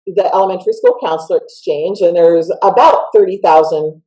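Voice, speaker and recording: A woman's voice: fairly low pitch, brisk, mellow, rough recording. A woman with a Southern US accent, a school counselor guest in a casual video-call interview, upbeat and emphatic, laughing often.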